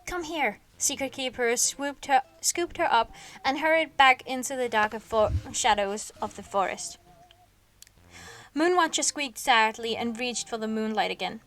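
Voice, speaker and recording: A woman reading a novel aloud on a stream, sleepy and yawning, with expressive delivery and small slips she corrects. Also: a little high, moderate pace.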